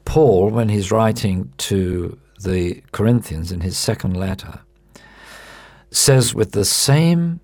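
A man preaching a sermon in a measured, emphatic way, quoting scripture. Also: lowish voice, lively intonation, darkish tone, no echo.

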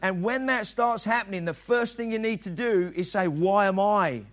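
A middle-aged pastor preaches at normal speed in a relaxed, conversational style. His voice is a little high for a man, and he acts out quoted dialogue to make his points.

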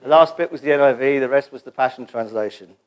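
A man preaching a sermon in a church gathering, animated and joking as he leads the congregation in call-and-response. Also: medium pitch, fast, clean tone.

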